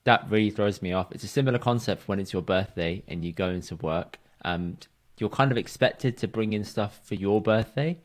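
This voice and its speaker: A man's voice: on the low side, normal speed, few pauses. A man co-hosting a casual podcast, joking and swearing playfully. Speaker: podcast co-host. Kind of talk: casual chat.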